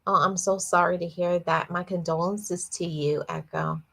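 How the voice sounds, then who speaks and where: A woman livestreams a heartfelt, reflective talk about her life as an adult whose father died eighteen years ago. She speaks at a moderate pace in a steady, fairly low, gravelly voice that's a bit bright, often repeating words and starting sentences over.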